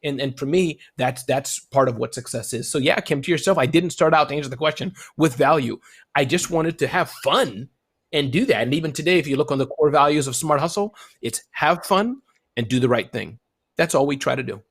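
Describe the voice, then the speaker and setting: Animated middle-aged man chatting as guest. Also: brisk, husky. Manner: lively, swings high when excited. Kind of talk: casual interview chat.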